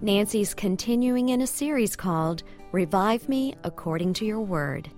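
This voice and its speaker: A woman gives a smooth, measured radio program announcement. She reads from a script in an even, medium-pitched voice, with soft music playing faintly behind her.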